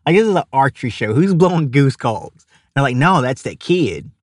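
A man's voice: mid-range voice, moderate pace, dry recording. Laughing young man telling stories. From Louisiana. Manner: animated storyteller, acts out quoted voices, laughs often. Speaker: guest, animal caller. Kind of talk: casual storytelling in an interview.

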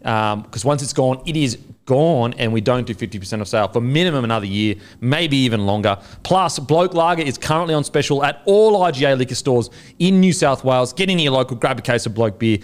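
Aussie male podcast host, average pitch, casual sweary studio banter. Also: brisk, few pauses. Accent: Australian. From Australia. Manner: banter-heavy, swears freely, plugs sponsors. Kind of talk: casual sports podcast chat.

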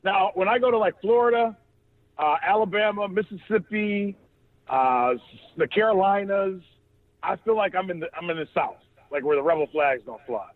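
A man hosts a casual sports podcast, voice a touch high. He rambles and swears freely, restarting his sentences. The sound is thin and phone-like. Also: moderate pace. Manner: loose, profane, rambling with restarts. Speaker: podcast host.

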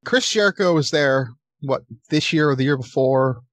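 A man's voice: medium pitch, normal speed, fairly bright tone, no echo. A man co-hosting a podcast, chatting casually and making dry, wry remarks. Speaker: podcast co-host. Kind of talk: casual chat.

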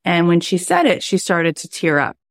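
A woman's voice: on the low side, big pitch swings, normal speed, no echo, studio quality. A middle-aged woman, a life coach and podcast host, telling a personal story in a chatty, heartfelt way, with many "like" fillers.

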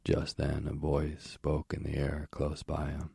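A man who narrates an audiobook of a myth in a measured, steady way. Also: very deep voice, creaky, breathy edge, dry recording, clean studio sound.

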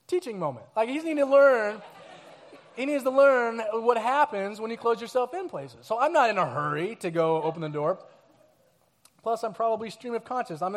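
High-voiced storytelling pastor, a man. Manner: storytelling, animated, acts out scenes and quotes. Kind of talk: sermon.

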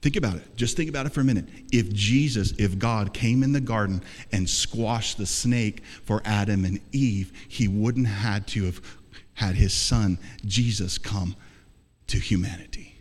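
A man's voice: fairly low pitch, measured pace, a little mellow. A man preaching an emphatic sermon as pastor, calling for responses from the congregation. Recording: long reverb of a large hall.

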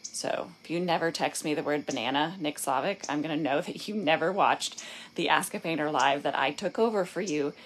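A woman's voice: deep voice, a little fast, a little hiss or hum. A woman with a Southern accent, a business owner talking casually and candidly on a phone livestream, rambling and poking fun at herself. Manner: candid, rambling, self-deprecating. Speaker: painting business owner guest host.

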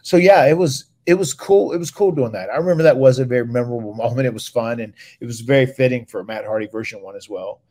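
A man, casually telling stories on his podcast and getting loud when he acts out other people. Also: mid-range voice, fast, few pauses. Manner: animated storyteller, loud when acting out others. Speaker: podcast host, retired wrestler. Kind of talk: casual storytelling.

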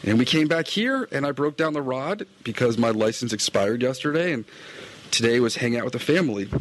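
A middle-aged man, a fly-fishing podcaster and guide, recaps his day outdoors in a chatty, meandering ramble, often correcting himself. His mid-range voice has lively intonation and moves a little fast.

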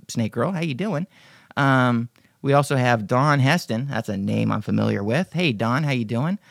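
A man hosts a casual live Q&A podcast, rambling and swearing freely as he jokes along. His voice sits at an ordinary middle pitch. The sound is dry and close, with no room around it. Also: vocal fry, no echo. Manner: profane, rambling, joking. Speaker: podcast host.

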